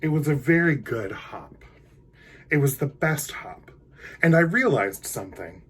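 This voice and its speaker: Man reading a kids' storybook, super lively pitch, kinda husky. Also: a little slow. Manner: animated, with hushed asides to the kids. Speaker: drag queen storyteller. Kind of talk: reading a picture book to children.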